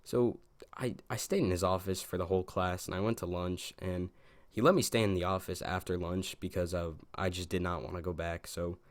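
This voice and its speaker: A young man with a very low, deep voice tells a rambling story in a casual, slangy way, full of fillers and restarts. The sound is close and dry, with no room around it. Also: fairly even intonation, brisk, no room sound. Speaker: storytime vlogger.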